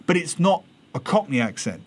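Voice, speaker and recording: An English man, a columnist guest on a radio interview, talking in an animated, satirical way. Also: fairly high pitch, normal speed. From England. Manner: animated, satirical, mimics voices.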